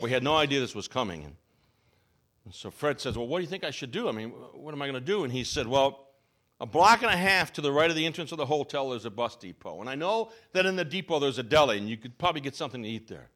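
A male pastor preaching a sermon, telling a story with expressive, rising and falling delivery and slow, emphatic phrases. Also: mid-range voice.

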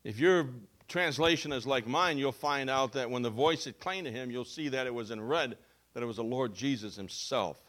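A man preaching a sermon as a pastor. He reads scripture and explains it with emphasis, going from loud to soft. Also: medium pitch, normal speed. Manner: emphatic, with wide swings between loud and soft.

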